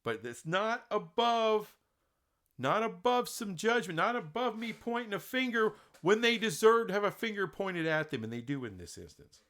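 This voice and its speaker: Emphatic man ranting, lively pitch. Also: normal speed. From Texas. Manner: emphatic, indignant, rhetorical questions. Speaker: sports commentator. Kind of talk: opinionated solo commentary.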